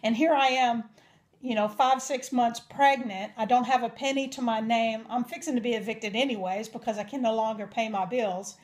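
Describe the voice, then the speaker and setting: A woman's voice: fairly high pitch, fairly even intonation, moderate pace. A young woman telling her personal testimony in an earnest, emotional way. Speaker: testimony speaker.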